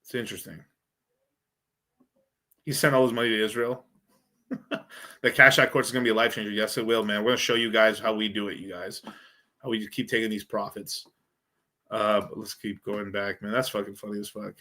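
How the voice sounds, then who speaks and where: A man's voice: on the low side, level tone, a little fast, pauses often, pushed and bright. A man hosting a crypto livestream, chatting casually and profanely as he rambles through charts. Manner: profane, rambling, thinking aloud. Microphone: streaming setup mic.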